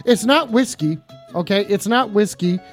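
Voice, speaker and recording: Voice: medium pitch, expressive, normal speed, loud music behind the voice. A tipsy streamer in casual chat, goofily reading viewers' questions aloud to a guest.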